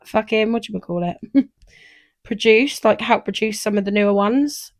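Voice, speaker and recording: With a medium pitch and a moderate pace, a young woman rambles through a casual podcast chat as co-host, leaning on plenty of fillers. No room sound is audible.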